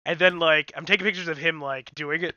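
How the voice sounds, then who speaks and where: Woman podcast co-host, bright voice, animated storyteller with cursing, lo-fi dry recording. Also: sits low, fairly quick, no echo. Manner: animated, swearing, acts out quotes. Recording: dull lo-fi dry sound.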